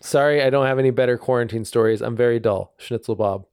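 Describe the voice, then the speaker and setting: A man's voice: medium pitch, fast talker, darkish tone, clean tone, dry recording, studio quality. A laid-back man co-hosting a casual podcast and reading listener emails aloud.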